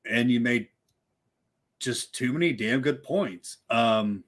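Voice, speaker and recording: A man's voice: mid-range voice, slow pace. Rambling man with stammered restarts. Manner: rambling, repeats words and says dude and like a lot. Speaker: livestream co-host. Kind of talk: casual live horror movie chat.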